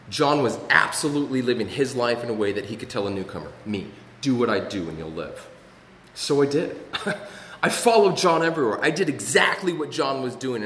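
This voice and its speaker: A man giving an earnest personal recovery talk, halting, with many restarts and repeated words. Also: medium pitch. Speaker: recovery speaker sharing his story. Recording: echoey hall, faint room noise.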